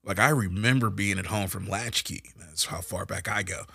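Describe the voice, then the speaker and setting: Man, low voice, bright and forceful tone, podcast co-host, animated storytelling. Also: moderate pace, vocal fry, breathy edge, no room sound, clean studio sound. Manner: animated storyteller, gets loud and high when excited. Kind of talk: casual faith-based discussion.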